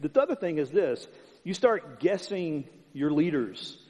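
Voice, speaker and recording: A man's voice: on the high side, big pitch swings, a little slow, a little mellow. Emphatic preaching man, hall reverb. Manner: emphatic, conversational preaching with repetition. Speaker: pastor. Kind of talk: sermon. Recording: long hall reverb, dull sound.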